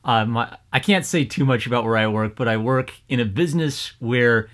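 Guy ranting on his vlog from home, bright voice, laughs a lot, gets loud when he's worked up. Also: medium pitch, moderate pace. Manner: animated, laughing often, gets louder when excited. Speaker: YouTuber.

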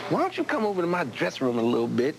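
A man's voice: on the high side, wildly swooping pitch, racing, vocal fry. A man teasing in flirty, jiving banter. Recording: noisy tape with a crowd behind.

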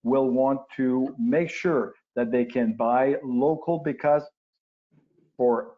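Older francophone man, expert guest, halting restarts, muffled webinar sound. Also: medium pitch. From Quebec, Canada. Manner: explanatory, with frequent restarts and uh fillers. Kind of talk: webinar interview answers. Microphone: video call. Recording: lo-fi webinar audio.

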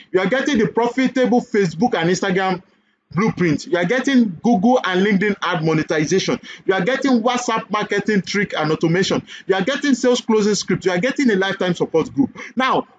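A man with a Nigerian accent giving a sales webinar pitch for an online business course, persuasive and full of repeated questions and "okay?" checks. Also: lo-fi sound, a little hiss or hum.

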